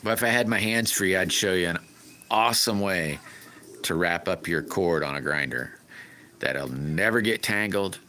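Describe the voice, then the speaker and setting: Low-voiced guy rambling on his live stream, kinda bright sound, faint outdoor ambience behind. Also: normal speed, slight background noise. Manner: rambling, folksy, griping about car repairs. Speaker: livestream host. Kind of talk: casual livestream chat with viewers.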